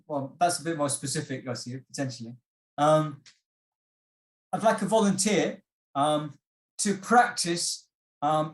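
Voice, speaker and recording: A workshop instructor on a video call, teaching an English test-prep session in a patient, inviting, slow and measured way. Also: mid-range voice.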